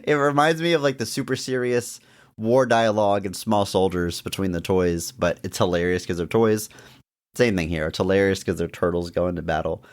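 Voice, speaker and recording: A man's voice: deep voice, fairly even intonation, moderate pace. A man co-hosting a podcast, chatting casually about an old comedy film and laughing often. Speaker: podcast co-host. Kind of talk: casual movie discussion.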